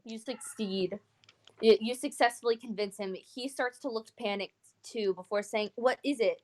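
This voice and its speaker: A woman's voice: a little high, fairly even intonation, normal speed. A woman running a tabletop role-playing game, hesitating often as she describes the scene and calls for rolls. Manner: hesitant, many fillers. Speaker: game master.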